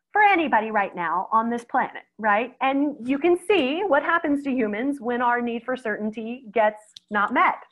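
A middle-aged woman with a slightly high voice gives a conversational webinar talk as a veterinarian. She speaks straight to her listeners in a lively way and often acts out other people's reactions. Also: narrow, tinny audio. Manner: lively, acts out quoted reactions, addresses audience directly.

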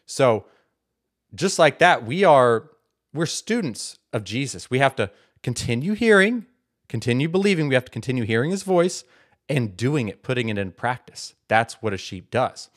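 A man's voice: mid-range voice, sing-song, normal speed. Emphatic argumentative male Bible teacher. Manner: argumentative, emphatic, repeats words for stress. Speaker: Bible teaching video host. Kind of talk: casual apologetics monologue.

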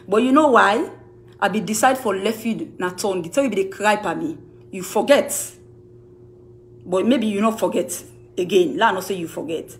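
A woman's voice: mid-range voice, lively intonation, normal speed. A woman with a Sierra Leonean Krio accent, a music manager answering accusations to camera in an accusing, emphatic, repetitive way. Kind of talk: heated rebuttal to camera.

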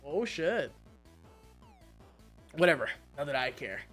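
A man streaming a game, chatting casually and telling stories, excitable and swearing a lot with frequent laughter. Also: on the high side, slow, faint music behind. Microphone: streaming mic.

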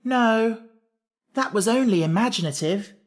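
A man's voice: sits high, expressive, measured pace, pitched above the performer's own voice. A man voicing a simple, earnest wooden man with a pumpkin head, eager to please, in a storybook audiobook. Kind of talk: audiobook character voice.

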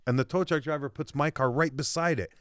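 A man's voice: fairly high pitch, a little fast, no room sound. A young man hosting a podcast, telling a story in casual chat and acting out what people said. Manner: animated storyteller acting out quotes. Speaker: podcast host.

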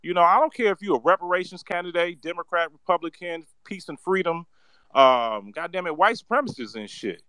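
A man's voice: sits high, expressive, a little fast, sharp tone, clean tone, no echo. A man giving a profane, ranting commentary, heated and mocking, heavy on slang and cursing. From San Francisco Bay Area. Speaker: political commentator.

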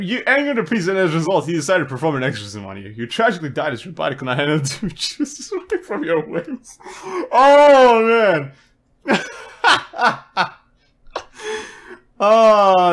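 A goofy young man joking his way through a video game, laughing and swearing often. His voice sits fairly high for a man and swings all over the place in pitch. It is casual, playful let's-play commentary. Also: very animated, fairly quick, hardly any pauses, a bit bright. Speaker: gaming video host.

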